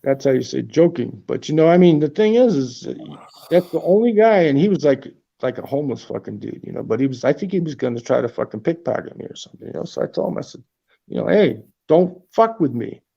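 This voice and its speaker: A man's voice: on the high side, expressive, fast, creaky, dark tone, husky, highs cut off. A man hosting a casual livestream from his apartment, telling rambling, profanity-laced stories. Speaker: livestream host. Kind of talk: casual chat.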